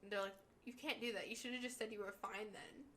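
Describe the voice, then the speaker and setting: A young woman co-hosting a podcast in casual chat, relaxed and quick to laugh, mostly giving short replies. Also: medium pitch, slight background noise. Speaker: podcast co-host.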